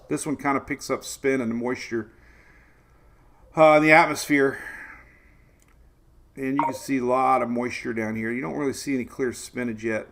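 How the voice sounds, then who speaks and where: A man's voice: medium pitch, steady tone, normal speed, long pauses, a bit bright, a little hiss or hum. A man in his forties hosting a casual live weather stream, chatty and rambling, laughing often and greeting viewers by name. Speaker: weather show host.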